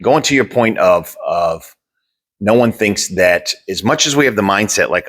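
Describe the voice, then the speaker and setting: Blunt low-voiced man. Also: animated, moderate pace, a bit bright. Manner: blunt, swears freely, talks through examples. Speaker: podcast co-host and gym owner. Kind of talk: casual chat.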